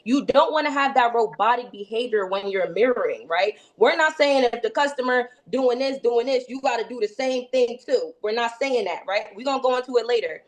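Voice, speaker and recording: Brief: female sales trainer, slightly high voice, energetic, keeps asking "right?". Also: fairly quick, few pauses. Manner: energetic, frequent tag questions. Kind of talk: team training session.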